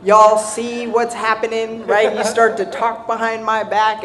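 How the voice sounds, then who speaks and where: Over crowd noise, a woman with a fairly high pitch speaks in a flat, unhurried way with few pauses. She's a recovery speaker from the Southern United States with a Southern accent, telling a live audience her personal story in a self-mocking, conversational style and frequently checking in with "right?"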